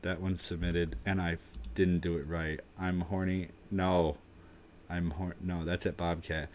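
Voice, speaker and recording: A man with a low voice talks in a level tone, a little slowly, over slight background noise. He's hosting a casual livestream, tired and dry-mouthed from the heat, rambling as he reads chat aloud. Self-deprecating, he keeps trailing off unsure with "I don't know."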